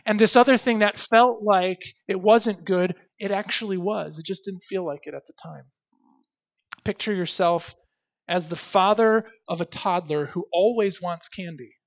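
A pastor preaching a sermon, emphatic, slowing down to stress key phrases and swinging between loud and soft. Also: male voice, high voice. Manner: reads scripture aloud with expression.

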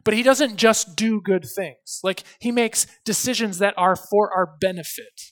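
A pastor preaching a sermon, emphatic, slowing down to stress key phrases and swinging between loud and soft. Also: male voice, high-pitched. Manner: reads scripture aloud with expression.

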